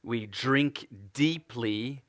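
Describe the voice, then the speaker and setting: A preacher with an Australian accent gives a sermon at a slow, unhurried cadence, repeating phrases and pressing earnest questions on his listeners. His medium-pitched, fairly bright voice sounds close and dry, with little room sound.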